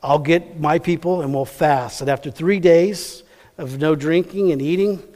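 A man's voice: on the high side, moderate pace, darkish tone, in a large hall, lightly acted. A man speaking the lines of a determined young queen in a plain, matter-of-fact way. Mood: resolute.

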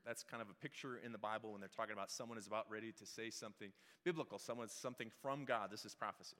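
Middle-aged male pastor, chatty and joking sermon, bright tone, long hall reverb. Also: lowish voice, fairly even intonation, racing, hardly any pauses. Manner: conversational, joking, asks the congregation questions. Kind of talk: casual sermon. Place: church hall.

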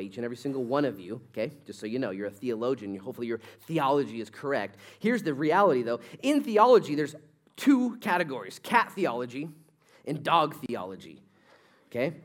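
A middle-aged male pastor delivers a sermon with playful asides and quick jokes. His pitch swings widely as he teaches, rising and dropping through each point. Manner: humorous, animated preaching with jokes and asides. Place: church sanctuary.

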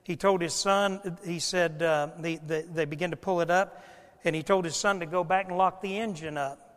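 A pastor preaching a sermon in a high-pitched male voice. He tells stories in a hushed tone and rises to loud, shouted passages. The sound carries the long reverb of a large hall. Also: steady tone, moderate pace.

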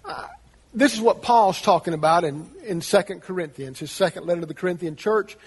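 Pastor, male, high voice; earnest sermon delivery full of rhetorical questions, recorded in a reverberant church hall. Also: a little fast, husky. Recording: long reverb of a large hall.

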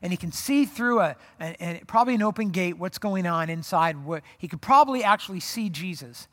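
A pastor giving a conversational sermon at a worship service, telling the story in an animated way with frequent restarts. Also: mid-range voice, brisk. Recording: long hall reverb.

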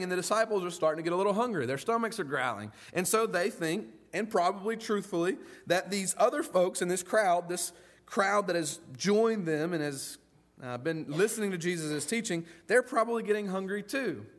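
A man preaching a sermon as pastor, in a lively, folksy way, often acting out the voices of the people in his story. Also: sits high, moderate pace.

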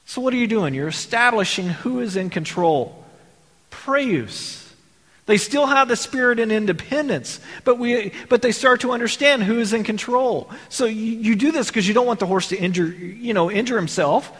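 A man's voice: sits high, lively intonation, moderate pace, a bit bright, slightly rough. A man from Texas preaching a sermon in a conversational way, asking the congregation rhetorical questions. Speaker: pastor. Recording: long hall reverb.

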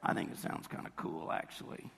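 A hoarse man preaching a sermon in a conversational storytelling way, slipping into quoted voices. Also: a little fast, in a large hall, a little hiss or hum. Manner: conversational storytelling, acts out quotes with jumps in pitch.

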